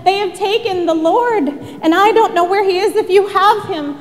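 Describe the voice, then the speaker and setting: Woman voicing a frantic grieving woman, high and pleading. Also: moderate pace, in a large hall, slight background noise. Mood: distraught pleading. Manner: pleading, urgent. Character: grieving young woman at an empty tomb.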